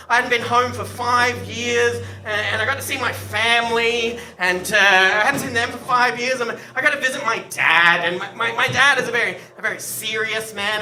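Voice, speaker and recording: A man doing a stand-up routine, animated and swearing freely, with loud outbursts before a live audience. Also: high-pitched. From Australia. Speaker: stand-up comedian. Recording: echoey live venue from far off. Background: audience laughter and crowd noise.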